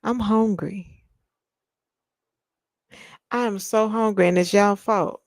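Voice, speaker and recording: A woman's voice: mid-range voice, steady tone, slow pace, no echo. A woman hosting a casual live chat with viewers, playful and teasing, drawing out lists of food. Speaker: livestream host.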